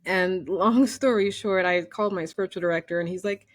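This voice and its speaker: A woman's voice: lowish voice, a little fast, dry recording. A woman interviewing a guest, sharing her own story in a chatty way and laughing between phrases. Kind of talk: casual conversation.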